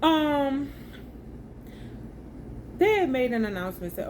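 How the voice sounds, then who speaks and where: A chatty woman tells her travel story for her vlog. She sounds slangy and animated, and she acts out the dialogue as she goes. Her voice sits at a middle pitch, with a faint hiss behind it. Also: normal speed. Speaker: vlogger.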